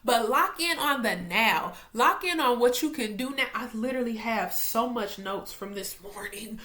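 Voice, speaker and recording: A young woman, talking to camera at home about faith in a chatty, animated way. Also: on the high side, normal speed. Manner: animated, excitable, chatty, talks straight to viewers. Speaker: faith vlogger. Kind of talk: casual faith talk to camera.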